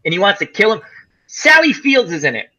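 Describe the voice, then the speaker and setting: A man's voice: high-pitched, a little fast, lo-fi sound. A man co-hosting a casual chat show, rambling through stories about movies. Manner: rambling, animated storyteller. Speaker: co-host.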